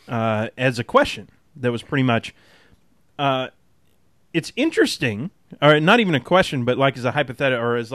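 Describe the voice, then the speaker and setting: A man's voice: mid-range voice, a bit bright, no room sound, clean studio sound. A man hosting a casual podcast, talking in loose, rambling stretches with frequent restarts. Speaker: podcast host.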